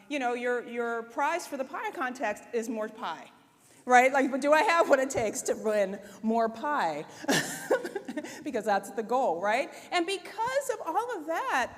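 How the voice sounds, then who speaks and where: High-voiced woman giving a keynote. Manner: conversational and expressive, with frequent "right?" and "like". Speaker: conference speaker. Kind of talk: conference keynote talk. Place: conference hall. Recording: long hall reverb.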